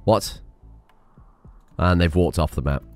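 A man's voice: low voice, slow, faint music behind. A man giving casual, sarcastic commentary over his own gameplay, swearing and laughing as he talks. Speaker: gaming video creator.

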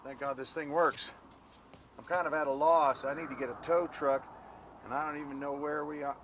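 An actor playing a dry, sarcastic fiancé on a road trip who bursts into yelling. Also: male voice, fairly high pitch, little pitch movement, normal speed, a little hiss or hum, natural voice. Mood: polite. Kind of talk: comedy sketch acting.

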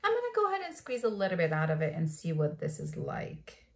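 A woman's voice: fairly low pitch, quick pace, creaky. Bubbly woman gushing over an unboxing. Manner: bubbly and gushing, with frequent excited exclamations. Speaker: beauty vlogger. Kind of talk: casual unboxing chat.

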